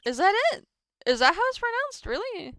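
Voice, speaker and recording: A woman's voice: extremely high pitch, big pitch swings, moderate pace, a bit bright, dry recording, clean studio sound. A woman whose first language is Estonian or Russian, streaming a visual novel, reading dialogue aloud and stumbling, self-deprecating, over words.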